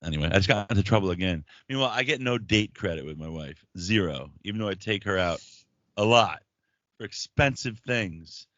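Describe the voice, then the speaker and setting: A man hosting a podcast, telling stories in crude, profane, animated banter. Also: on the low side, brisk, dry recording, dull audio. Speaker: podcast host.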